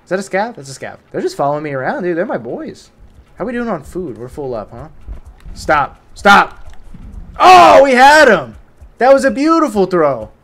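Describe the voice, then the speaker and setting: Young guy streamer, kinda high voice, swings all over the place, chats to the critters and yelps a lot. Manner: excitable, talks to the game creatures, yelps when startled. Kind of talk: live gameplay commentary.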